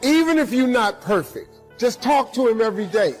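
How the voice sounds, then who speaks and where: A man from the United States gives plain, folksy motivational advice. His voice sits high for a man and his delivery is direct. Soft music plays underneath. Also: lively intonation, moderate pace.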